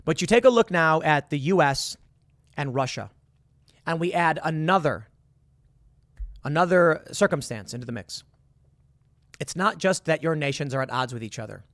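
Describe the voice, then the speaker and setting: A man's voice: a little high, lively intonation, moderate pace, pauses often, fairly bright tone, no room sound, clean studio sound. A man hosting a casual commentary monologue, walking the listener through hypothetical scenarios and rising to emphatic bursts. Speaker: political commentary host.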